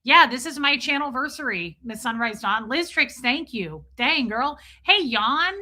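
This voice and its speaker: A woman's voice: sits high, lively intonation, unhurried, bright, forceful tone. A woman hosting a casual live stream, chatting loosely with viewers, greeting them by name and swearing freely.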